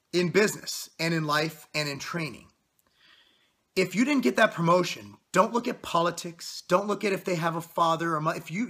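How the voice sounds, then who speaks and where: Man in his thirties, fitness vlogger, blunt profane motivational rant; bright, husky tone. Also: a little high. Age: 30s. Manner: blunt, profane, intense pep talk.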